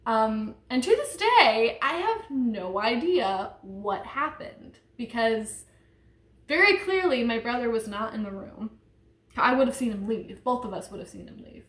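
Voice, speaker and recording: A woman's voice: a little high, expressive, unhurried, fairly bright tone. A young woman vlogger telling a true ghost story in a rambling, casual way, full of "like". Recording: echoey room.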